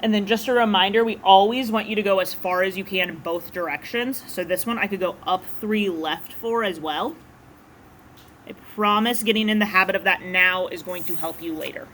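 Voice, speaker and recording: Casting note: woman math teacher, bright, easygoing classroom lecture, faint room hum. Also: mid-range voice, normal speed. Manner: casual, chatty explaining.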